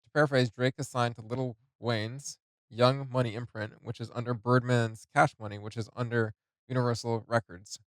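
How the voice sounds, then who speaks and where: A man hosting a music reaction video, reading lyrics and annotations aloud in a casual, halting way with many fillers. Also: medium pitch, little pitch movement, dry recording.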